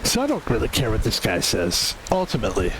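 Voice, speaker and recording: A man's voice: fairly low pitch, huge pitch swings, brisk, noisy background. A man streaming a video game, chatting and rambling casually while he plays and laughing now and then. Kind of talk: casual gameplay commentary.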